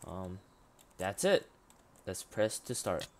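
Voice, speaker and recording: A man hosting a game let's play, chatting and reading the on-screen text aloud, halting with frequent ums. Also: low-pitched, sing-song, darkish tone, slight background noise. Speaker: gaming channel host.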